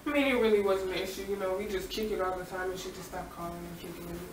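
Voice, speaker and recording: A woman cast member answering questions at a reunion in a defiant way. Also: medium pitch. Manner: defiant, flat and quick. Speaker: reality show cast member. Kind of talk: reunion interview. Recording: echoey room, far off, noisy.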